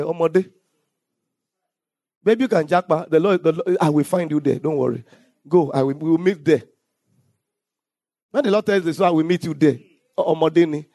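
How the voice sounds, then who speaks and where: A man preaching a sermon as pastor, reading scripture aloud and at times shouting or singing out phrases. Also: fairly high pitch, expressive, normal speed, pauses often, no room sound.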